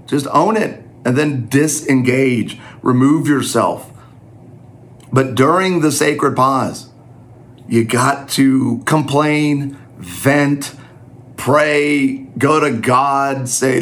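A man delivers a Christian teaching talk at a middling pitch. He speaks earnestly and conversationally, sometimes poking fun at himself. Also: fairly even intonation, slow pace, a bit bright. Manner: earnest, conversational, self-deprecating. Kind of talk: sermon-style teaching talk.

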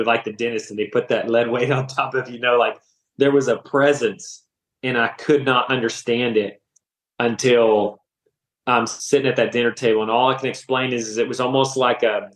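A man in his thirties, a podcast guest, giving a personal faith testimony in animated, emotional storytelling full of casual slang. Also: mid-range voice. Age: 30s. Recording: roomy echo.

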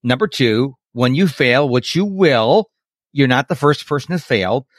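A man's voice: medium pitch, expressive, a little slow, no echo, clean studio sound. A man hosting a podcast who speaks earnestly and poses questions to his guest. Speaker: podcast host. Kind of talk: casual conversational interview.

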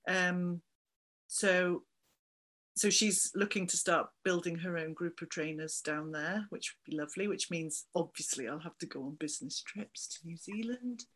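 A woman's voice: lowish voice, moderate pace, a bit bright. A woman in her forties with a slight Somerset twang, chatting upbeat as a guest in an interview and laughing easily. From England. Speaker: guest, business founder. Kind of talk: casual interview chat.

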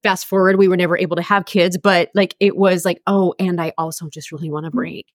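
Candid low-voiced woman coach. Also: fairly even intonation, brisk, no room sound, clean studio sound. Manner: candid, chatty, many fillers. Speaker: guest, career coach. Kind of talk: conversational storytelling.

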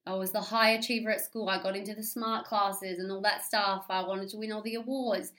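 A woman's voice: mid-range voice, fairly quick. Candid Australian woman, confessional monologue. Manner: open, confessional, swears freely; animated, rambling with restarts. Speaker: podcast host. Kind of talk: candid solo podcast monologue.

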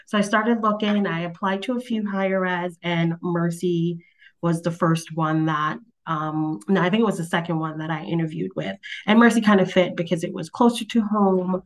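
A woman hosting a podcast as an HR professional, telling her story in a relaxed, chatty way. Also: on the low side, normal speed. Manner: relaxed, chatty, light laughs. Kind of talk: casual conversational storytelling.

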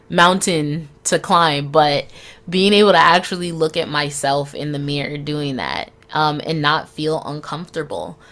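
A woman's voice: low voice, measured pace, a bit bright. A young woman hosting a solo podcast, speaking candidly and frankly, swearing freely and laughing between phrases. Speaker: podcast host.

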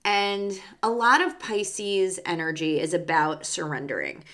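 In a lowish, slightly bright voice and at a measured pace, a young woman hosting a spiritual podcast as a psychic medium chats casually, bubbly and sprinkled with fillers.

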